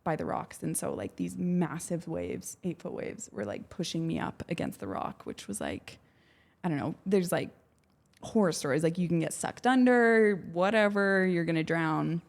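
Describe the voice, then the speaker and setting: Low husky-fry young woman, podcast guest, rambly storytelling with like and um. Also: very animated, moderate pace. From Canada. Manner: chatty, many fillers, acts out voices in her story. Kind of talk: casual storytelling.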